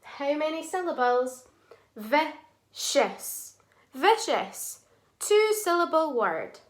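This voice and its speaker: A woman teaching a phonics lesson to young children, sounding out words slowly and clearly and praising often. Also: fairly high pitch, expressive, a bit bright.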